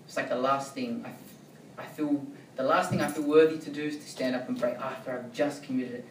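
A man's voice: mid-range voice, fairly even intonation, fairly quick, slight background noise. A man giving a sermon in a conversational way, often checking in with "right?". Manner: conversational, keeps asking "right?". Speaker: preacher. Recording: echoey room, distant mic.

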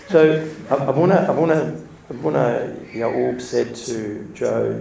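A church speaker gives an informal, chatty sermon full of storytelling, laughing between his points. His voice sits at a medium pitch, creaky and dark in tone, and he takes his time. The mic catches him from a distance in an echoey room with faint ambience.

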